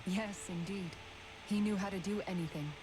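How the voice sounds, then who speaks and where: An actress voicing a kind, capable woman in a video game, speaking gently and earnestly. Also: mid-range voice, fairly even intonation, normal speed, background noise, lightly acted. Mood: fond. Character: kind capable woman who cooks and mends weapons. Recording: game audio with background music.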